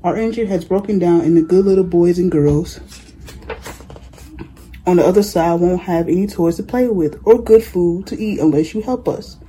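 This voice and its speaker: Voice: mid-range voice, normal speed, warm tone, slight background noise, close to an everyday voice, rough recording. Begging dolls and toys, as a reader puts them on. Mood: pleading. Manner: pleading, begging. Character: chorus of pleading dolls and toys.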